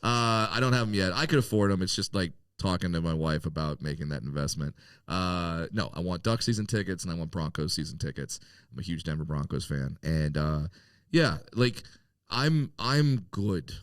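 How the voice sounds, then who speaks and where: A man's voice: deep voice, moderate pace, dry recording. A man talking loosely as a comedian guest in a casual interview, joking, swearing freely and restarting sentences.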